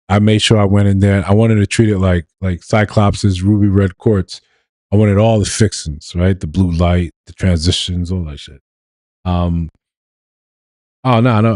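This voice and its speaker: A man's voice: low-pitched, steady tone, normal speed, warm tone, no echo. A man from New York hosting a casual live stream, talking loosely to his chat with laughs and restarts.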